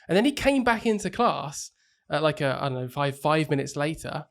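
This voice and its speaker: A man's voice: fairly high pitch, moderate pace, gravelly. A man, a primary teacher co-hosting a podcast, telling classroom stories in casual chat, acting out his own lines with a lifted voice. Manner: animated, acts out his own lines in a raised voice.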